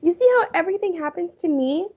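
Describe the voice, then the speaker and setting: A woman's voice: very high-pitched, fast talker, pitched above the performer's own voice. A woman voicing a whiny, dramatic young girl who complains that everything goes wrong for her. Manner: complaining, upset. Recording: muffled lo-fi recording.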